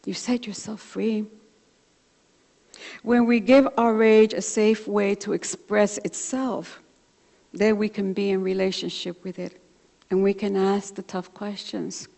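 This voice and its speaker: Her voice is medium-pitched, a little slow and creaky, as this woman minister shares a personal story in her sermon. Warm in the telling, she becomes lively while playing both parties of a phone conversation, heard on a church livestream with long reverb in the sanctuary.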